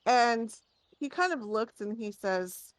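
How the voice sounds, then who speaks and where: A woman's voice: on the high side, lively intonation, slow, no room sound. A woman narrating a tabletop game as game master, with casual storytelling and many fillers.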